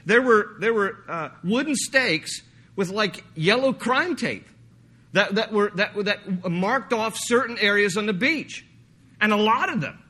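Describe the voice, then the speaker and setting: A man preaching a sermon, animated and joking, slipping into mock voices to make his point. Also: high voice, a little slow. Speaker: pastor.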